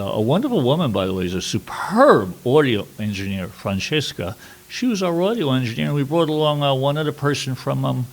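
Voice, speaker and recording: A middle-aged man from New York City, a war correspondent telling a personal story at a workshop, halting with many fillers. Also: fairly low pitch, gravelly. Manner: halting, with frequent fillers and restarts.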